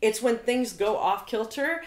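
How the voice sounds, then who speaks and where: A woman in her fifties, an actor and acting teacher, telling animated stories in a casual interview and slipping into voices for the people in them. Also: on the high side, unhurried. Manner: animated storyteller, acts out voices in anecdotes. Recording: echoey room.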